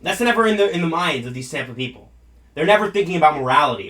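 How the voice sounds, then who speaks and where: A man's voice: fairly high pitch, animated, fast, a bit bright, far from the mic. A man hosting a political talk show, ranting in a heated, profane, mocking way. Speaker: show host.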